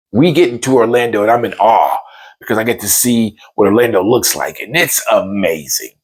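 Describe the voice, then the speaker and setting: Animated man telling a funny story. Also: mid-range voice, breathy edge. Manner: animated, acts out the voices in his stories. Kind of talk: comedic personal storytelling.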